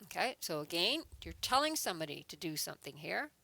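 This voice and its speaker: Lady teacher going over grammar slowly, kinda gravelly lowish voice. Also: big pitch swings, bright, forceful tone, no room sound. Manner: patient, explains step by step, reads example sentences aloud with emphasis. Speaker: adult education teacher. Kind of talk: online grammar lesson.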